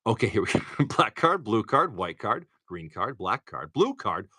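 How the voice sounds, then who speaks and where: A man with a Massachusetts accent hosting a live stream, opening card packs and rattling off each card in quick lists with joking asides. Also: lowish voice, big pitch swings, bright, forceful tone, no echo, clean studio sound. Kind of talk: casual live commentary.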